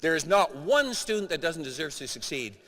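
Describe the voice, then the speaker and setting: A middle-aged Canadian man giving an animated, emphatic keynote speech to a live conference audience. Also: fairly high pitch, brisk. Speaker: keynote speaker. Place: large conference hall. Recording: reverberant conference hall.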